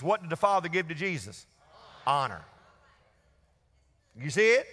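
A man preaching a Wednesday sermon, his high voice carrying over a congregation he calls on to answer him. His tone is bright and forceful, and a long reverb from the church hall trails each phrase. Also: lively intonation, brisk. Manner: preaching to a congregation, call-and-response. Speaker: pastor.

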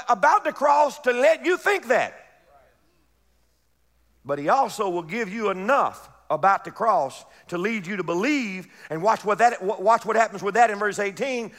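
A pastor preaching a fervent sermon, building to shouted peaks and dropping into laughing asides. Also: male voice, high-pitched, in a large hall. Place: church sanctuary.

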